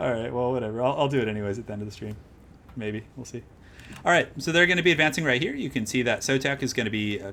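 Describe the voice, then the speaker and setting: Male streamer-caster, animated pitch, talks through plays, faint background hum. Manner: excitable, swings from calm analysis to shouting hype. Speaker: streamer casting a tournament match. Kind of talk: live game commentary.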